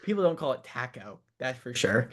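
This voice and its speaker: A man's voice: medium pitch, big pitch swings, brisk, fairly bright tone. A young man co-hosting a podcast over a remote call, chatting casually and teasing playfully. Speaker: podcast co-host. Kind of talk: casual chat.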